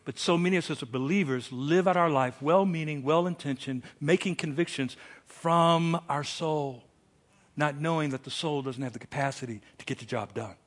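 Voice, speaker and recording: Man, middle-aged, pastor, sermon, high pitched, animated, hushed then shouting. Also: normal speed.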